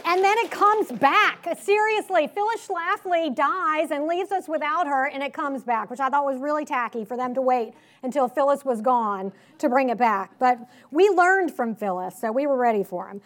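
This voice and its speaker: Woman, Southern accent, high voice, conference speech, sarcastic, emphatic, rhetorical. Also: animated, moderate pace, few pauses, a bit bright. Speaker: conference speaker. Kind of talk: political speech to a live audience. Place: conference hall.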